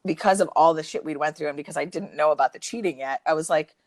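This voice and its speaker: Young woman guest, low voice, dry close sound; loose, profane, animated storytelling. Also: fast, no echo. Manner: profane, filler-heavy, animated retelling. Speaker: podcast guest. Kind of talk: casual storytelling chat.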